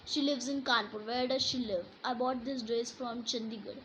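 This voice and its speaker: A woman's voice: a little high, steady tone, moderate pace, fairly bright tone, slight background noise, low-quality recording. A woman teaching a grammar lesson, explaining and reading example sentences aloud with emphasis.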